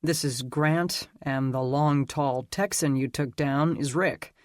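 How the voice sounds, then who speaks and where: A man's voice: medium pitch, slow, no echo, close to an everyday voice. Narrator voicing a somber, suspicious captive man; dry audiobook read. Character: earnest, distrustful male prisoner.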